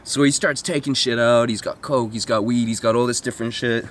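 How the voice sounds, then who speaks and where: A man's voice: mid-range voice, fairly even intonation, fairly quick. A man telling a comic travel story as a vlogger, rambling and swearing, with self-mocking asides and mimicked voices.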